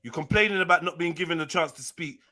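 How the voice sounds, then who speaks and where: High bright-voiced man arguing. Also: quick pace. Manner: argumentative, talks over others, repeats himself. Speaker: live show host. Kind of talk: heated live panel argument.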